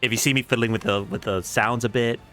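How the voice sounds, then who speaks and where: A man's voice: medium pitch, quick pace, soft background music. A young man with a Southern US accent, casually joking and swearing through live gameplay commentary. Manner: joking, swearing, bursts of excited laughter. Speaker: streamer.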